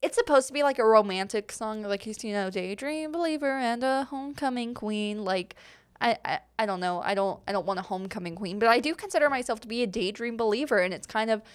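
A woman's voice: mid-range voice, fast talker, smooth, no echo. A young adult woman hosting a podcast, answering listener questions in casual, rambling chat full of fillers and giggles. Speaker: podcast host. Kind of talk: casual solo Q&A.

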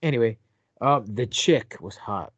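A man's voice: medium pitch, lively intonation, normal speed, fairly bright tone, breathy edge, no room sound. A man co-hosting a podcast, joking crudely in a loose, casual chat about a TV episode. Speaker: podcast co-host.

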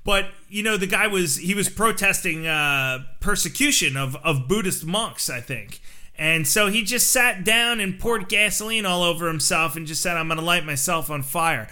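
A man's voice: sits high, expressive, normal speed, sharp tone. A man hosting a casual podcast, easygoing and reflective, laughing often as he talks. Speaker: podcast host.

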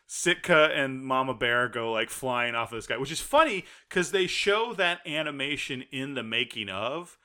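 A man chatting casually as a podcast co-host, his voice bright and forceful. He talks excitedly, acting out his own reactions as he retells a story. His delivery is lively and conversational. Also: medium pitch, moderate pace, hardly any pauses, smooth. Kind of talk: casual chat.

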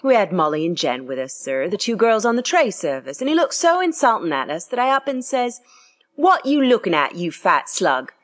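A woman's voice: very animated, normal speed, natural voice. A woman reading aloud and voicing a young Cockney bellboy who peppers his speech with "sir". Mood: earnest. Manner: dropped grammar, constant "sir", higher pitch.

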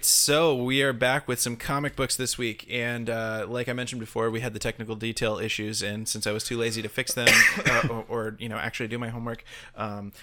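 A man's voice: mid-range voice, sharp tone. A married man co-hosting a casual podcast, rambling through his thoughts with lots of fillers and restarts. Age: adult, married. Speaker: podcast co-host. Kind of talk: casual chat.

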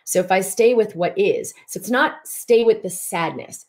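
A woman's voice: mid-range voice, expressive, moderate pace. A woman hosting a spiritual healing broadcast, talking in an earnest, flowing way and repeating words for emphasis.

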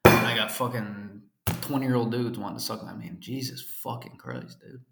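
A laid-back man swears his way through a funny anecdote in a relaxed, chatty tone. His voice sits at an ordinary mid pitch. The recording has a noticeable roomy echo. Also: moderate pace, gravelly, slight background noise. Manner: profane, laid-back, laughs through the telling. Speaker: English teacher. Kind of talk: casual comedic storytelling.

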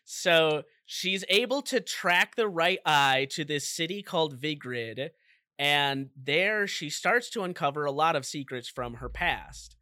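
A man's voice: fairly high pitch, expressive, a little slow, pushed and bright, dry recording, clean studio sound. A man co-hosting a podcast, casually recapping a video game story with jokey asides. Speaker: podcast co-host.

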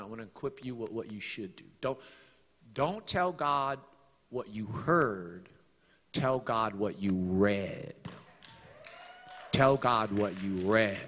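A man's voice: mid-range voice, a bit bright, long reverb tail. A man preaching a sermon in a church, building to emphatic, repeated lines. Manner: preaching with swelling emphasis and repetition. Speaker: pastor. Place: church sanctuary.

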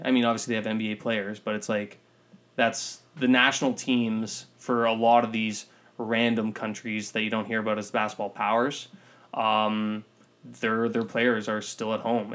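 A man's voice: lowish voice, level tone, moderate pace, a bit bright. A man co-hosting a casual basketball podcast. He is opinionated and contrarian, with lots of fillers. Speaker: podcast co-host. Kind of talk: casual sports chat.

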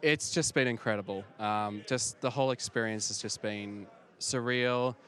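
A man's voice: mid-range voice, fairly even intonation, moderate pace, fairly bright tone. A man interviewing guests outdoors at a fan convention, talking casually with many fillers and restarts. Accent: non-local accent.

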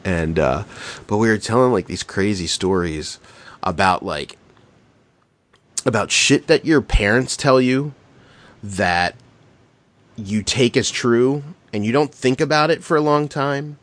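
His voice sits on the low side and he keeps a measured pace. This middle-aged podcast co-host is an animated storyteller, swearing and laughing his way through casual storytelling chat.

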